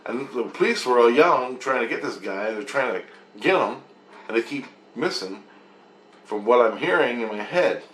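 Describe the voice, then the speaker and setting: A man's voice: medium pitch, lively intonation, normal speed, a bit bright, roomy sound, a little hiss or hum. A man telling a rambling, profane story as a casual monologue, recounting events animatedly.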